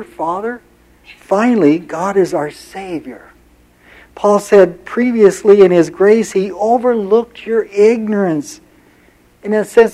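A man's voice: high voice, mellow. A pastor preaching a sermon in an earnest way, repeating key phrases and telling stories to make his point.

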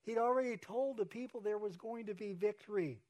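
A man's voice: sits high, fairly quick, darkish tone. A man, a pastor, preaching an earnest sermon and repeating key phrases for emphasis.

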